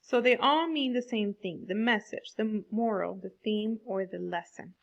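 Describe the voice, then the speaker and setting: A woman teaching a fourth grade class, explaining slowly and stressing words for young pupils. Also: mid-range voice, gravelly, highs cut off. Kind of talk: online classroom lesson.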